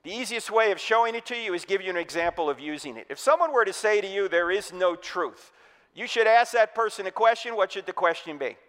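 Male church speaker from New Jersey, lively, quizzes the crowd, higher voice, reverberant hall. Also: fast, few pauses. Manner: energetic, joking, quizzes the audience. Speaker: Christian speaker. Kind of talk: humorous apologetics sermon.

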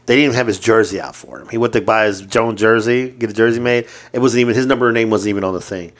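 A man co-hosting a casual sports podcast, swearing a lot, excitable and laughing often. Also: lowish voice, fast talker. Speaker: podcast co-host.

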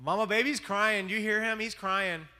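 A man voicing an earnest, matter-of-fact little boy who announces things loudly. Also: sits high, normal speed, clean tone, pitched above the performer's own voice.

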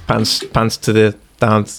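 A podcast host joking crudely with friends, laughing and acting out bits. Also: male voice, on the low side, monotone, measured pace, gravelly, fairly bright tone, a little hiss or hum. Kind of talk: crude casual banter.

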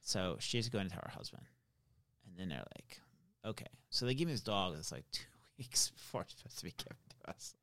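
A man telling a long story in casual, animated chat, swearing now and then. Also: deep voice, fairly quick, no room sound.

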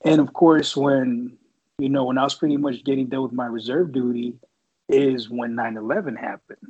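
A man's voice: mid-range voice, fairly even intonation, normal speed, mellow, husky, dull audio. A middle-aged man from the Bay Area, a former Marine reservist, telling a rambling war story full of swearing and filler words. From San Francisco Bay Area. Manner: profane, rambling, lots of fillers. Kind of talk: casual chat, storytelling.

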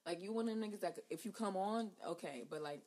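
Fast-talking husky woman telling stories. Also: mid-range voice. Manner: fast, animated storytelling with quoted dialogue. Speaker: hairstylist and podcast host. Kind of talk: casual podcast chat.

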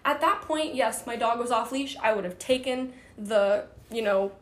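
A young woman casually telling a story, animated and full of fillers, acting out quoted dialogue. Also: fairly high pitch, moderate pace. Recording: roomy echo with faint background noise.

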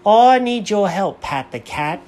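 A man's voice: high voice, lively intonation, unhurried, darkish tone, pitched above the performer's own voice. A man voicing an earnest, slightly exasperated man searching for lost backpacks in a bedtime story. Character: flustered man who lost his backpacks.

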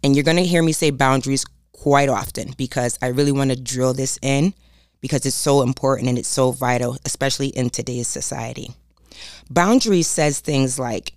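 A woman's voice: extremely low pitch, normal speed, darkish tone, no echo, clean studio sound. A woman giving a motivational talk on boundaries, preachy and emphatic, repeating her key points and speaking straight to her listeners. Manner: addresses listeners directly as "y'all". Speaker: self-help speaker.

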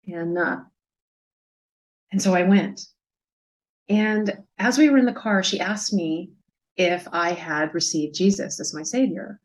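Soft-spoken reflective woman in her fifties. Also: on the low side, measured pace, pauses often, low-quality recording. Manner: reflective, soft, hesitant with many fillers. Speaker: interview guest. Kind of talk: personal storytelling.

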